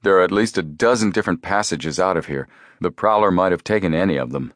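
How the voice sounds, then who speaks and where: Man doing a calm, decisive teenage leader. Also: low-pitched, fast, no echo, clean studio sound, natural voice.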